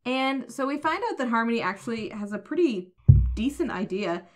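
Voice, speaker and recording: A woman's voice: on the high side, animated, fairly quick. Teasing woman recapping comics. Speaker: podcast co-host. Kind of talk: casual comic book recap chat.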